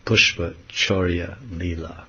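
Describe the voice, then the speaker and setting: A man, a swami, giving a devotional lecture, telling a story softly and acting out the scenes. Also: low-pitched, slow, a little hiss or hum. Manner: soft-spoken, animated storyteller acting out scenes. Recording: slightly muffled lo-fi recording.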